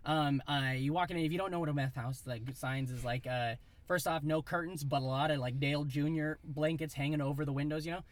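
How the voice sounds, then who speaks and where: A man in his thirties from Iowa, telling a rambling, animated story in a casual chat. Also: a little high, fairly quick, hardly any pauses. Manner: animated, rambling, acts out voices in quotes.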